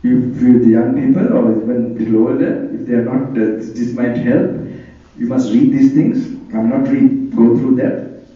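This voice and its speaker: A man's voice: medium pitch, steady tone, moderate pace. A Buddhist monk with a Sri Lankan accent gives an informal sermon in English. His first language is Sinhala, and his talk wanders from point to point with frequent chuckles. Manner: chatty and digressive, chuckling often. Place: hall on tour. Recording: roomy, distant, lo-fi hall recording.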